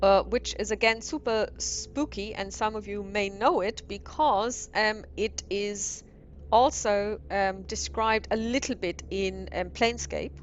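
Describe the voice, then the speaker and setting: A woman talks through a tabletop adventure in a loose, rambling way, full of ums and restarted sentences. Her voice sits at a middle pitch, and the recording sounds dull and a bit lo-fi. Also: unhurried, slight background noise. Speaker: tabletop game module reviewer. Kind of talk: casual spoken review.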